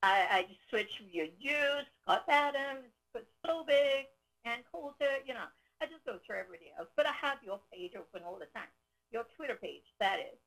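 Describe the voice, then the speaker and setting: A woman's voice: fairly high pitch, animated, normal speed, fairly bright tone, poor audio. Earnest sixty-year-old woman caller. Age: 60s. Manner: earnest, rambling. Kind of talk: phone-in call.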